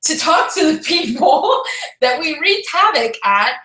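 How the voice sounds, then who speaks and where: A woman hosting a home vlog, telling a story loudly and with excitable energy. Her voice is high and bright, and it echoes around a roomy indoor space. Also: unhurried. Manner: loud, animated and excitable. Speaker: vlogger host. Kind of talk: casual storytelling to the camera.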